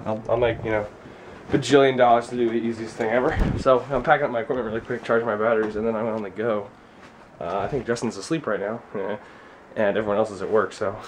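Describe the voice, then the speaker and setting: Joking and swearing, a young man vlogs casually on a New York street, outdoors, captured by a handheld camera mic. His voice is medium in pitch, and there's a little hiss or hum on the recording.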